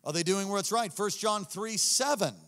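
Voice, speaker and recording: Fired-up high-voiced preacher in a reverberant hall. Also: male voice, moderate pace. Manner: animated, swings from murmurs to shouting. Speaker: pastor. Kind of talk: sermon. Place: church hall.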